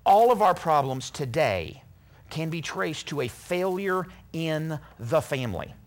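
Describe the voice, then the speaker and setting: A man's voice: fairly high pitch, a little slow. A middle-aged man preaching a sermon, telling personal stories in an earnest way and acting out what people said. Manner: earnest, animated storyteller who acts out quotes.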